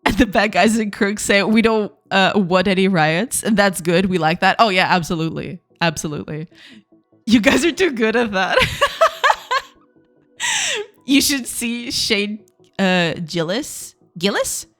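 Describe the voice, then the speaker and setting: A woman's voice: medium pitch, lively intonation, measured pace, pauses often, a bit bright, soft background music. A woman streaming game development live, chatting casually with viewers, giggling often and tripping over her words in a self-deprecating way. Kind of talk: casual livestream chat, reacting to chat.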